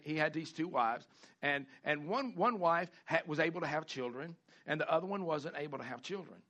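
A man preaching a sermon, animated and fervent, repeating phrases for emphasis. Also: fairly high pitch. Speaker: pastor.

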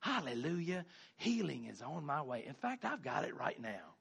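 A male pastor preaching a sermon, animated, jumping between a loud delivery and mimicked whining voices. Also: normal speed, vocal fry, slightly rough. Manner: animated preaching with dramatic pitch swings and mimicked complaining voices.

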